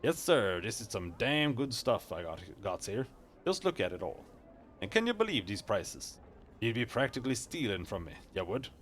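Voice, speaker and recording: A man voicing a pushy, fast-talking male street merchant in a game, with wheedling slangy sales patter. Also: fairly low pitch, big pitch swings, fairly bright tone, slight background noise.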